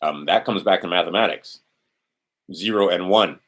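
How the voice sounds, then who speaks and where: A man with a deep, low voice hosts a livestream in a loose, meandering way. He talks bluntly, swears now and then, and mutters to himself while searching through a document. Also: moderate pace, fairly bright tone. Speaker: livestream host. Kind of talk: rambling casual livestream monologue.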